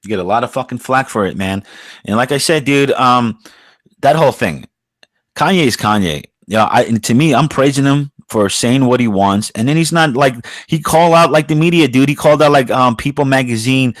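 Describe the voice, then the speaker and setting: A man's voice: medium pitch, expressive, fairly quick. A blunt man co-hosting a podcast, swearing freely through a casual rant. He sounds a little aggressive without being angry, and the sound is dry and close with no room echo. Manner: blunt, profane, calls himself aggressive-sounding. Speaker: podcast co-host.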